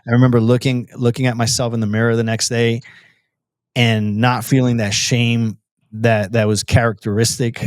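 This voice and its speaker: A man's voice: mid-range voice, little pitch movement, moderate pace, clean tone, no room sound, clean studio sound. A man as a podcast guest telling his personal testimony in an earnest, storytelling way, with frequent restarts and a casual "bro" to the host.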